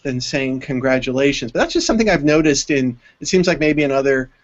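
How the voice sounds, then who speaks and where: A man's voice: medium pitch, expressive. Hesitant American man co-hosting an English lesson. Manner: thoughtful, halting, many restarts. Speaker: co-host, English teacher. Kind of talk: online English lesson hangout. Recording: dull web call audio.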